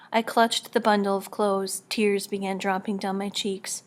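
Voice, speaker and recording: A woman reads a first-person story aloud in a quiet, measured way, often dropping close to a whisper. Her pitch sits in the middle of the range. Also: little pitch movement. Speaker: audiobook reader. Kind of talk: first-person audiobook narration.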